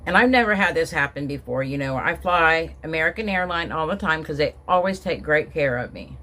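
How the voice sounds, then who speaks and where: A woman's voice: sits low, expressive, brisk, pushed and bright. A middle-aged woman telling a personal story in a casual vlog, rambling with many restarts and emotional asides. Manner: emotional, recounting being upset. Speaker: vlogger.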